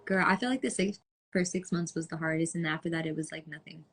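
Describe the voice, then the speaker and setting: Young female podcast host, casual rambling chat, low flat voice with vocal fry. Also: quick pace. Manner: rambling, lots of "like" fillers.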